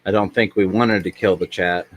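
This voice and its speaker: A man's voice: sits low, fairly even intonation, moderate pace. A man hosting a casual livestream chat, joking and self-deprecating as he rambles along. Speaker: livestream host.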